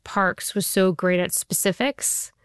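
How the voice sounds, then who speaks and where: Smooth-voiced woman telling stories. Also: medium pitch, measured pace, no room sound, clean studio sound. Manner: animated storyteller acting out quoted voices. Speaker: TV writer and show creator, guest. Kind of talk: interview, anecdotal storytelling.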